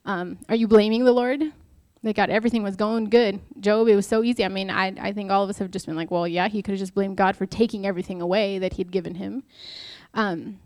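A woman's voice: mid-range voice, fairly even intonation, fast, a little mellow, no echo. A young adult woman giving an informal devotional talk, chatty and candid, mixing personal stories with rhetorical questions. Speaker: speaker at a church talk.

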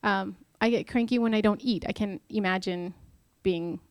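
A woman's voice: medium pitch, moderate pace, no room sound. A married woman giving a casual devotional talk, chatty and self-deprecating, acting out the lines she quotes. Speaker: Bible study speaker.

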